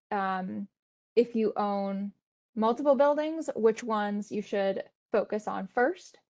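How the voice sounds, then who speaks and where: Woman, webinar presenter walking viewers through a tool; steady, explanatory, mid pitch, casual fillers. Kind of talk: instructional webinar walkthrough.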